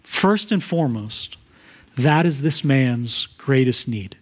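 A man's voice: medium pitch, lively intonation, takes it slowly. A man pastor preaching a sermon in an earnest teaching manner, livening points with made-up everyday examples.

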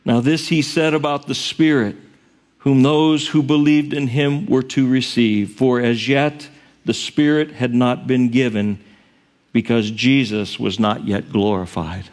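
A man preaching a sermon as pastor, earnest and direct, rising to loud cries on the quoted verses. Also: medium pitch, steady tone, measured pace.

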